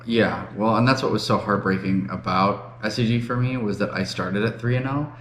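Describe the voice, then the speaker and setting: Low-voiced joking male co-host. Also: a little fast, a bit bright, roomy sound. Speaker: podcast co-host. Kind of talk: casual chat.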